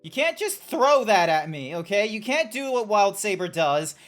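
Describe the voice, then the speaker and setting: An Australian woman talks to her live-stream chat in loose, rambling bursts and swears freely as she reacts to what viewers type. Her voice sits in a middling pitch range for a woman. Quiet music plays faintly in the background. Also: very animated, normal speed. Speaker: Twitch streamer.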